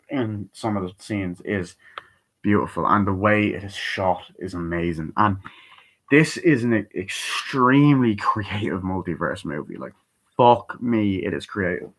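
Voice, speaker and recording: Excitable young man reviewing a film. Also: fairly low pitch, poor audio. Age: young adult. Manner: excitable, swears often, acts out scenes in raised voices. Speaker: movie reviewer.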